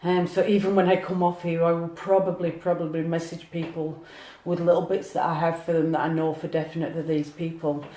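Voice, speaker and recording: A woman's voice: fairly low pitch, little pitch movement, a little fast, dark tone, roomy sound. A woman doing a live-streamed psychic reading, earnest and emotional, talking to viewers by name. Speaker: psychic medium.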